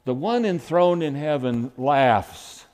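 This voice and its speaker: A man's voice: fairly high pitch, expressive, takes it slowly, darkish tone. A man preaching a sermon who acts out quoted lines with sudden rises and dips in his voice.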